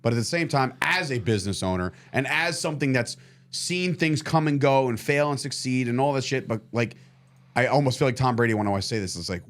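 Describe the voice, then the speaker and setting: A man's voice: mid-range voice, animated, fairly quick, a bit bright. A man co-hosting a podcast, ranting with a sarcastic edge in casual talk. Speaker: podcast co-host.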